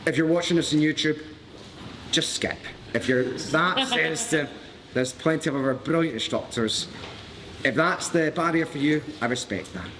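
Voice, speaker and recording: A fairly high, fairly bright voice at a moderate pace belongs to a Glasgow man with a broad Glaswegian accent, leading a live martial arts class on the training mat. Jokey and cheeky, he swears freely. His words carry a long reverb tail over slight background noise.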